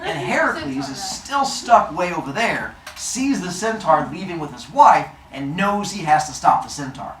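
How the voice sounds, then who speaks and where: A man teaching, telling a story to his class in a casual, chatty and animated way. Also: high-pitched, normal speed, few pauses, reverberant, noisy background.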